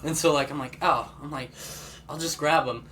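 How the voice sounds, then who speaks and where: A man's voice: a little high, normal speed. A young man co-hosting a casual podcast with his sister, rambling through stories with lots of fillers. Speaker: podcast co-host. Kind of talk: casual chat. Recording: faint background noise.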